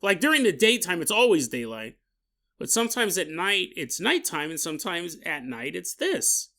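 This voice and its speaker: A man's voice: sits high, very animated, normal speed, bright, forceful tone, full character voice. A man voicing a laid-back local guide who talks casually and uses slang.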